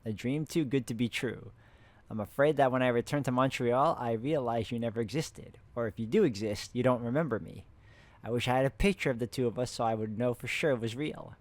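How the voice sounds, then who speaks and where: A man of middle pitch plays through a puzzle game with a friend. He reads in-game letters aloud in a plain, even voice. Between passages he breaks off to chat and laugh with her. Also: a little fast, no echo. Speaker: host, playing a co-op puzzle game. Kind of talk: casual game commentary, reading in-game letters aloud.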